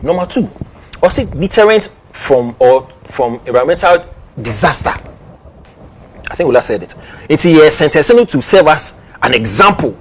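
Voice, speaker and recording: A man's voice: a little high, sing-song, moderate pace, a little hiss or hum. A man with a Ghanaian accent hosting a talk show, explaining a case point by point. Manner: explains point by point, laughs in between. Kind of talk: news commentary talk show.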